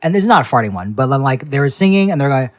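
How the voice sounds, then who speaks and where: A man's voice: mid-range voice, sing-song, very fast, a little hiss or hum. A young man co-hosting a casual podcast, laughing often as he tells stories. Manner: giggly, laughs often while telling stories. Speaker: podcast co-host. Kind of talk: casual chat.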